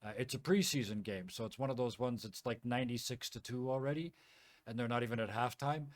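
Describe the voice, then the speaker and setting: A man's voice: medium pitch, fast talker, dry recording. A man narrating as game master of a tabletop game, chatty and loose with fillers and laughter.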